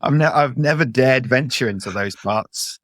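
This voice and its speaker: A man's voice: mid-range voice, moderate pace, fairly bright tone, dry recording, clean studio sound. A man co-hosting a comedy show, earnest and insistent as he argues his point. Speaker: co-host. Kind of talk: comedic banter.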